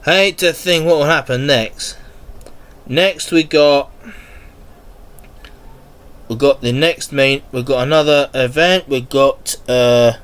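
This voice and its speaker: Guy with a cold doing wrestling predictions, slow and rambly, keeps restarting. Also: fairly high pitch, fairly bright tone, clean tone. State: has a cold. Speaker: podcast host. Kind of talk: casual solo wrestling predictions.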